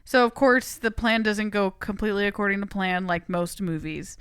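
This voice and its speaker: A woman's voice: medium pitch, moderate pace, a bit bright, clean tone, no echo, studio quality. A woman co-hosting a podcast, chatting casually and giving her opinions on a movie. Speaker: podcast co-host.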